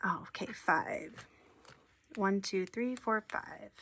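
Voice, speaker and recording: A woman's voice: medium pitch, slow, vocal fry, fairly bright tone, a little hiss or hum. A woman chatting casually and counting money aloud, upbeat and friendly. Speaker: savings challenge creator. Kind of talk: casual chat while counting cash.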